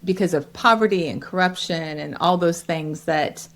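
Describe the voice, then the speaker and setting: A middle-aged woman, a comedian, telling stories as a guest in an interview, lively and quick to laugh. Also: fairly low pitch. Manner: lively, laughs often, acts out quotes. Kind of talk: storytelling in an interview.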